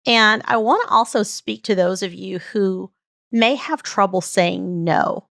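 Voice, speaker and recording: Gravelly-voiced woman telling a heartfelt story. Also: medium pitch, a bit bright, no room sound, studio quality. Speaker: podcast host. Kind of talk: personal storytelling.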